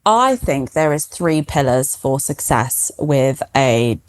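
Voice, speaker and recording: An English woman, middle-aged, chatting as an interview guest in an animated, laughing, self-deprecating way. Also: a bass voice, slow pace. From England. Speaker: guest, founder of an adult dyslexia organization. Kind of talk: casual interview chat.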